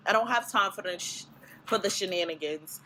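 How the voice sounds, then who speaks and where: A woman's voice: mid-range voice, fairly quick, slight background noise, low-quality recording. A woman vlogger casually telling a story to camera, blunt and profane, acting out her reactions. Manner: blunt, profane, animated retelling.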